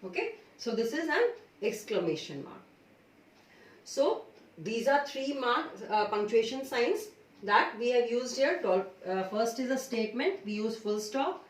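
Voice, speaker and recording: A woman's voice: on the high side, sing-song, measured pace. A woman teacher with an Indian English accent gives a grammar lesson, explaining patiently and often checking in with "okay" and "right?". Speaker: school teacher. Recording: echoey room, far from mic.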